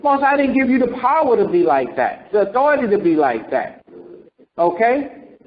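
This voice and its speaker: Man, preacher, Bible teaching, rhetorical questions, high voice, dull lo-fi sound. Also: sing-song, moderate pace. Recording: dull lo-fi recording.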